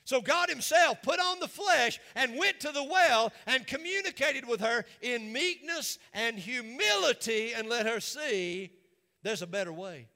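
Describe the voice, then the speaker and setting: A man's voice: very high voice, animated, unhurried, pushed and bright. A man preaching a sermon in a church, with an emphatic, repetitive cadence. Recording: long reverb of a large hall.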